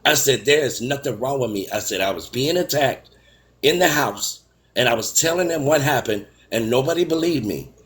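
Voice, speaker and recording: A man in his forties telling a personal story in casual chat, animated and acting out what others said. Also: moderate pace. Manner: animated, acts out quotes with raised pitch.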